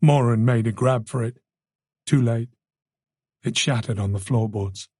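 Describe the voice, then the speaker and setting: A man narrating a thriller audiobook in a taut, measured way. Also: medium pitch, warm tone, husky, dry recording, clean studio sound.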